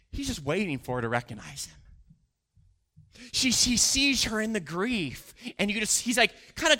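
A middle-aged man preaching a sermon who reads scripture aloud and retells it expressively, swinging between loud emphasis and hushed asides. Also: extremely high pitch. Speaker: pastor.

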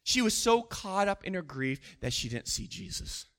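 A middle-aged man preaching a sermon who reads scripture aloud and retells it expressively, swinging between loud emphasis and hushed asides. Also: sits high, big pitch swings, normal speed. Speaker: pastor.

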